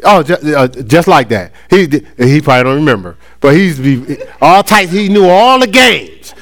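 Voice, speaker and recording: A middle-aged pastor with a drawl preaches in an animated, conversational way, his pitch leaping up and down as he acts out playful little voices. His voice sits a touch higher than most men's. The sound is dry and close. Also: moderate pace, dry recording. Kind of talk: sermon.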